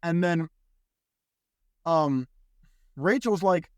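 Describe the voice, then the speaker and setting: A young man hosting a podcast, telling a story in casual chat with loose swearing and quick impressions of other people. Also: a little high, no room sound, studio quality. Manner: animated, swears freely, mimics others in quotes. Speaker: podcast host.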